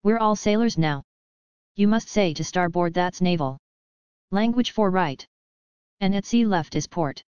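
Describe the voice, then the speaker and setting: A woman's voice: on the low side, lively intonation, unhurried, long pauses, darkish tone, clear, resonant tone, dry recording, lo-fi sound. A woman reading the part of a cheerful, adventurous father who is a naval commander, speaking firmly and explaining patiently in a storybook reading.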